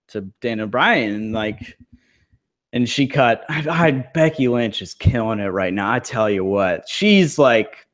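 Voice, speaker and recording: A man co-hosting a wrestling podcast in loose, casual chat. He rambles at a middling pitch, stacks up filler words and swears freely as he reviews the week. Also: fairly bright tone. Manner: rambling, filler-heavy, profane. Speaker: podcast co-host.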